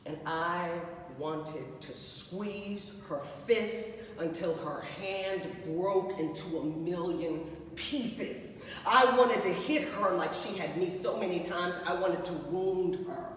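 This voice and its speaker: A woman performing an autobiographical stage monologue, halting and repeating words. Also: lowish voice, a bit bright, slight background noise. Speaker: solo performer. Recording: echoey hall from far off.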